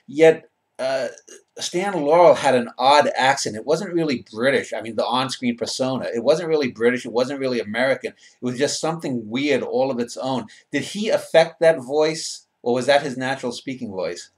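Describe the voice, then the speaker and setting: Male interviewer asking deliberate questions. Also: mid-range voice. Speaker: interviewer and host. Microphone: video call.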